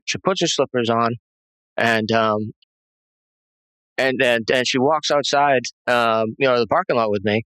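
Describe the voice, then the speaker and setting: A man giving a halting, rambling personal testimony as an interview guest, full of fillers and restarts. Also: medium pitch, a bit bright, clean tone, dry recording, low-quality recording.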